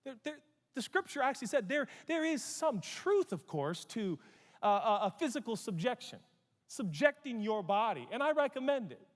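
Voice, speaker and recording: High-voiced emphatic male pastor preaching. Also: big pitch swings, moderate pace, in a large hall. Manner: emphatic, swinging from loud proclamations to low asides; humorous, conversational asides to congregation. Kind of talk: sermon.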